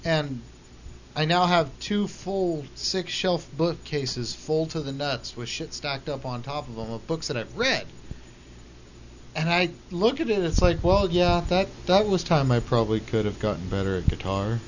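A man chats on a podcast, ribbing his co-hosts with fast, crude one-liners. His voice is a touch higher than average. The sound is lo-fi and muffled, with noise running underneath. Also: animated. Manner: teasing, quick quips, swears. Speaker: podcast co-host. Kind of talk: casual chat. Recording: lo-fi with clear noise.

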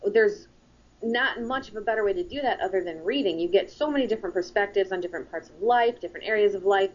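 A woman talks earnestly on a casual podcast, chatty and quick to laugh. Her pitch is average, and the recording is dull and muffled. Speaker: podcast co-host. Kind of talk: casual chat.

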